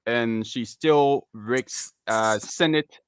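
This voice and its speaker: A man co-hosts a news talk show, speaking slowly and hesitantly with frequent fillers. His voice is smooth and clear, recorded close and dry. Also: mid-range voice, dry recording. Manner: hesitant, many fillers and stammers. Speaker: co-host.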